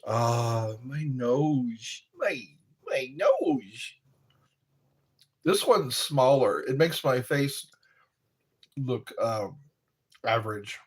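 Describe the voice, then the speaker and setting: A man's voice: mid-range voice, big pitch swings, extremely slow, pauses often, husky. A man hosting a live stream, chatting in a rambling, playful way while he snacks and spells words out.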